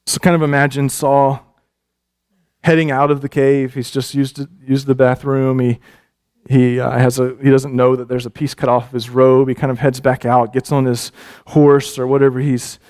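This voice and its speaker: A male pastor giving a sermon, telling a scripture story with animated, repetitive phrasing and frequent restarts. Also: medium pitch, moderate pace, smooth.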